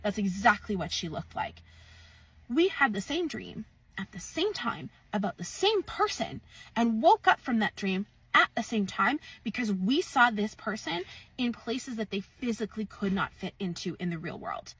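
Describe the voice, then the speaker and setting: A woman's voice: medium pitch, very animated, normal speed, a bit bright, breathy edge, no echo, distant mic. A woman earnestly recounting an eerie shared dream, stressing her disbelief. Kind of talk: casual spooky storytime. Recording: dry, a bit off-mic.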